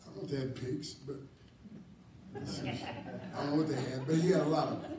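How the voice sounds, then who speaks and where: Animated preacher guy, repeats himself, chuckles a lot, faint hiss behind him. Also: fairly high pitch, a little fast. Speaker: apostle teaching a ministry class. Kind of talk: preaching Bible class sermon. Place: church hall. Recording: echoey hall from far off, faint noise.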